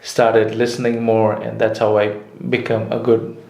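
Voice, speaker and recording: A man's voice: lowish voice, monotone, measured pace, creaky, darkish tone. A man from India, chatting casually and often restarting his sentences. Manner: hesitant, with frequent restarts and fillers. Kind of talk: casual conversation. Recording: roomy echo.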